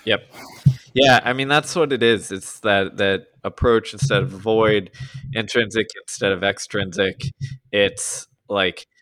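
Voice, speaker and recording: A man's voice: lowish voice, fairly even intonation, measured pace, fairly bright tone, dry recording. A man co-hosting a podcast who explains his ideas reflectively and casually, often leaning on "like". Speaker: podcast co-host. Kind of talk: casual discussion.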